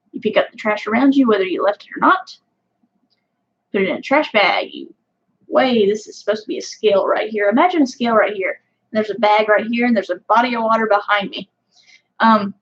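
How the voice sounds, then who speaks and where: Her voice a little high and a bit bright, a Southern-accented, country-sounding woman chats with viewers on her casual fishing livestream, meandering and filling gaps with fillers. The audio comes across dull.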